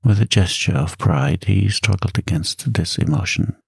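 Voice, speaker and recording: A man narrating a novel in a calm, soft-spoken ASMR bedtime reading, close to the mic. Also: deep voice, moderate pace, creaky, husky, dry recording. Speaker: audiobook narrator.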